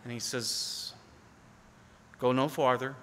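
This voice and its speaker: A man preaching a sermon as pastor, earnestly, rising to pleading appeals and falling to near-hushed tones. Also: medium pitch, fairly even intonation, slow, a little hiss or hum. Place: church sanctuary. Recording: long hall reverb.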